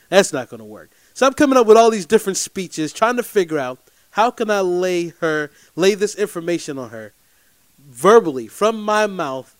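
Storyteller, male, lively and emphatic, slightly higher voice, dry close sound. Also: no room sound. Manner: animated, emphatic, repeats phrases for effect. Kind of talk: personal anecdote storytelling.

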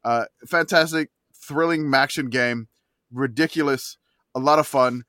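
A man's voice: mid-range voice, unhurried, pushed and bright, no echo, clean studio sound. A man co-hosting a casual sports podcast, rambling with many restarts. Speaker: podcast co-host.

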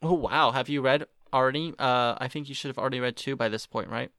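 A woman's voice: rumbling low, fast talker, a bit bright, no echo, clean studio sound. A woman in her twenties from Oklahoma, co-hosting a podcast in rambling, self-mocking casual chat. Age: 20s. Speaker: podcast co-host.

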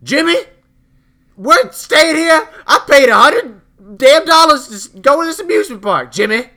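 A man putting on the voice of a fed-up mother who snaps loudly at her kid. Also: very high voice, big pitch swings, moderate pace, voice pushed up, exaggerated voice. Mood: yelling. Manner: loud, yelling, harsh.

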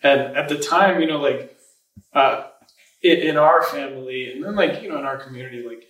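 A man's voice: on the high side, moderate pace, a bit bright. Podcast host guy, laid back, says like a lot, echoey room, far from the laptop mic. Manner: laid-back, lots of fillers. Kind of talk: casual podcast chat.

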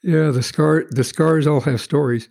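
A man's voice: on the high side, fairly even intonation, measured pace, gravelly, darkish tone, a little hiss or hum. A middle-aged man from Colorado with a Colorado accent, asking questions in a casual, easygoing conversation. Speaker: interviewer.

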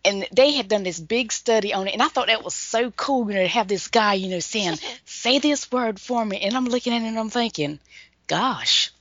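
A woman's voice: mid-range voice, brisk, hardly any pauses, fairly bright tone, no echo. A woman author with a Southern North Carolina accent, chatting in an interview in a folksy, rambling way and laughing often. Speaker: author, guest. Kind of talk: casual interview chat. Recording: dull lo-fi dry recording.

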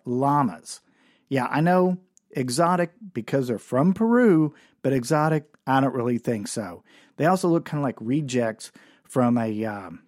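A man's voice: medium pitch, a little mellow, no echo, clean studio sound. A man telling a rambling, exasperated comic story about a family trip.

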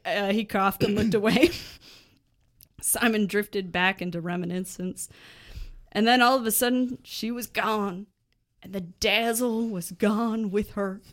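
A woman's voice: high voice, a little slow, a bit bright. A woman co-hosting a comedy show and giving a hammy, melodramatic reading. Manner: hammy and melodramatic, breaks into laughter. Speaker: podcast co-host reading fan fiction aloud.

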